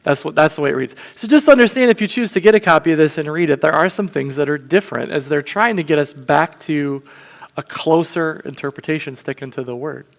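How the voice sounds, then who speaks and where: A fairly high-voiced man teaching a sermon from the pulpit, chatty and conversational, often asking his listeners if they follow him. His voice carries a long reverb from the church sanctuary. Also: fairly quick, vocal fry. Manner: conversational, checks in with the congregation. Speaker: deacon preaching.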